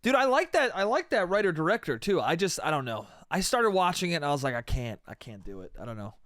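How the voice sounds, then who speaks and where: A man's voice: sits high, sing-song, quick pace, fairly bright tone, no room sound, studio quality. A man hosting a solo comedy podcast, rambling casually and swearing, with "dude" and "bro" at the end of his sentences. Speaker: podcast host.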